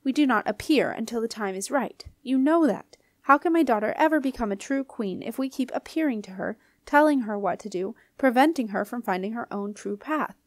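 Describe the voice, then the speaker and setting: A woman's voice: fairly high pitch, lively intonation, brisk, hardly any pauses, no room sound, studio quality, lightly acted. A woman reading aloud and voicing a young ghost queen, earnest and cross, trying to be heard. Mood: insistent.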